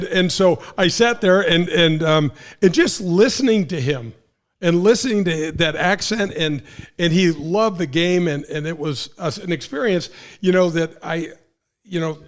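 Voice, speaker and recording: A man in his sixties from St. Louis hosts a relaxed talk show, spinning animated anecdotes and slipping into the voices of people he quotes. His speaking voice sits a bit high for a man. He stumbles and restarts now and then as he goes. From St. Louis, Missouri. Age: 60s. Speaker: host, former pro golfer. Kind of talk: casual storytelling chat.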